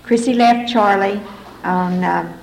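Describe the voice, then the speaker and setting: An older woman tells her own story to a meeting audience in a frank, folksy way, with wry humor. Her voice has a gravelly edge. It rings around a roomy hall with a faint hiss underneath. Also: mid-range voice, takes it slowly. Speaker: speaker sharing her story at a recovery meeting. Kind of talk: personal testimony to a meeting audience.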